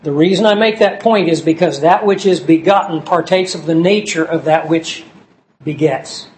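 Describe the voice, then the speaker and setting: A man preaching a sermon, slowing down to stress key words as he lists scripture passages. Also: fairly high pitch, a little mellow, slight background noise, rough recording. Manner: slow and emphatic on key words, citing scripture verses.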